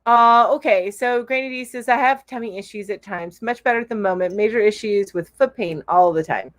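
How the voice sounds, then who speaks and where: A middle-aged woman hosts a casual live stream, reading viewer comments aloud in a bubbly, giggly way and cooing at her cat. Her mid-range voice moves briskly, and the recording is dry.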